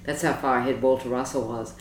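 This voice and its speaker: A woman's voice: a bass voice, fairly even intonation, fast talker. A woman, an astrologer being interviewed, telling stories with eager, wandering enthusiasm. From Australia. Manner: enthusiastic, digressive storytelling. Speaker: astrologer guest. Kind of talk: interview conversation. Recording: roomy, distant mic with faint noise.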